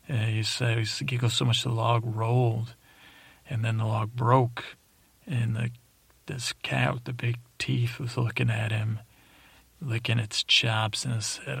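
A man hosting a sleep podcast, telling a meandering bedtime story with many pauses and fillers. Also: mid-range voice, flat delivery, gravelly, fairly bright tone, breathy edge, dry recording. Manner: rambling, halting, many fillers. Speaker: podcast host.

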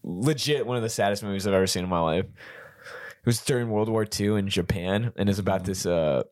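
A young man with a lowish voice, chatting casually as a podcast co-host. He tells stories freely with plenty of swearing and jumps up into high, excited voices. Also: brisk, dry recording, clean studio sound. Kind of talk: casual chat.

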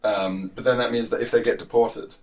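A man's voice: medium pitch, fairly even intonation, fairly quick. A man from South Africa chatting casually, wry and sweary, ranting with mocking asides. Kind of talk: casual chat.

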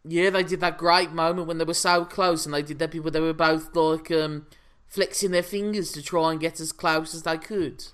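A man's voice: fairly high pitch, steady tone, normal speed, a bit bright, clear, resonant tone. An opinionated, teasing man from England co-hosting a casual wrestling chat show, rambling through his points. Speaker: podcast co-host.

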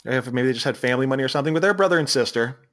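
A man with a Philadelphia accent co-hosts a relaxed movie podcast, his mid-range voice slightly bright, racing along with lively intonation. He recaps the film's plot in a rambling fashion, laughing and starting over frequently.

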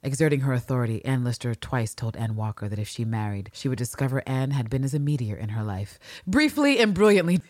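Low-voiced woman with a lively, swooping delivery. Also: a little fast, few pauses, dry recording, studio quality. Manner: animated and profane, reacting with exaggerated outbursts. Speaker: podcast co-host. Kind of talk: casual podcast chat, reading diary entries aloud.

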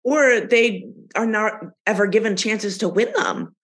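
A woman with a mid-pitched voice talks casually on a podcast. She states her views bluntly. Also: lively intonation, unhurried, a bit bright. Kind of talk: casual chat.

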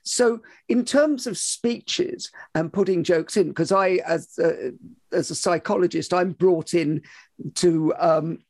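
High gravelly podcast host. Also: male voice, slow pace, a little mellow, dry recording. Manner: chatty, questioning, self-interrupting. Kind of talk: podcast interview.

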